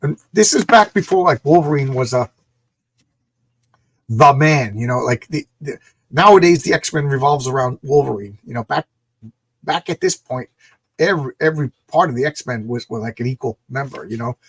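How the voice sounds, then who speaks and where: A man reviewing comic books in a casual livestream, excited and rambling, often acting out the characters' lines. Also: medium pitch, normal speed, husky, no room sound. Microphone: small camera mic.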